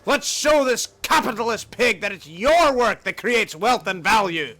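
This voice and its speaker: A man's voice: high voice, animated, measured pace, sharp tone, pitched above the performer's own voice, full character voice. A man doing a fiery Scottish union organizer. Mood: rousing. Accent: put-on Scottish. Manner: rousing, speech-like declaiming. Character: fiery male union organizer rallying workers.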